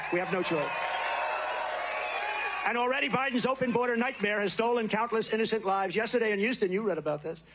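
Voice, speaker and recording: A man delivers a campaign rally speech at a brisk clip. He rambles, boasts and circles back over the same points again and again, his voice sitting high for a man. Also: background noise. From United States. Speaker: political candidate.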